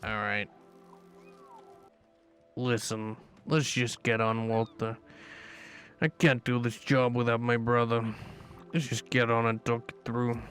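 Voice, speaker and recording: A man voicing a weary, stubborn older man, reading game lines in a gruff, subdued way. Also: medium pitch, level tone, slow pace, long pauses, fairly bright tone. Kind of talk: reading game dialogue aloud. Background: game music.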